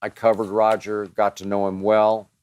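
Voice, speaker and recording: A man's voice: fairly low pitch, completely flat delivery, normal speed, darkish tone, smooth, no echo. A man hosting a show, answering listener questions in a dramatic, emphatic monologue that piles up strong words.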